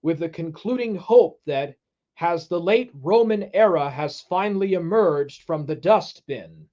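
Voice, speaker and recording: A man hosting a casual livestream, reading viewer chat aloud in a loose, relaxed way with many fillers. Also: on the high side, unhurried. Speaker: streamer. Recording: dull lo-fi stream audio.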